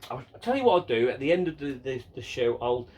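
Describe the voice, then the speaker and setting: A man's voice: mid-range voice, big pitch swings, fast, darkish tone. A man hosting a casual question-and-answer vlog about his model railway, rambling and chatty, often repeating words and mocking himself. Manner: self-mocking and exasperated.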